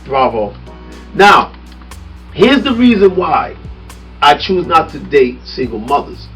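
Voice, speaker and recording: Animated man hosting a podcast. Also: fairly high pitch, takes it slowly, distant mic, faint music behind, poor audio. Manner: animated, laughs often, builds arguments with questions. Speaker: podcast host. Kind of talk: casual podcast chat. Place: studio room with a small audience.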